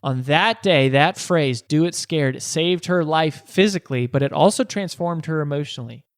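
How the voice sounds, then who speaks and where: A man's voice: on the high side, normal speed, no echo, studio quality. A man hosting a podcast, telling a motivational story earnestly, with frequent restarts and rhetorical questions. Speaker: podcast host.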